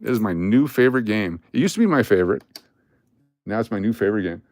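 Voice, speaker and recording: A man's voice: on the low side, quick pace, no room sound. A middle-aged man hosting a live stream, telling a story casually and acting out what other people said. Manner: animated, acts out other people's lines when retelling.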